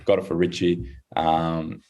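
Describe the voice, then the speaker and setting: A young Australian man tells a long story in a relaxed podcast chat. His voice sits fairly low, but it leaps up high whenever he mimics someone else. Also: measured pace, muffled recording. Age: young adult. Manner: animated, acts out quoted voices in high pitch. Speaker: guest. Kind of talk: casual storytelling.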